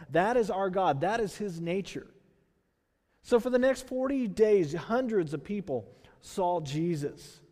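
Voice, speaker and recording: A man from Texas with a Texan accent preaching a sermon, conversational and animated, full of rhetorical questions. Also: high voice, a little slow. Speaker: pastor. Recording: long hall reverb.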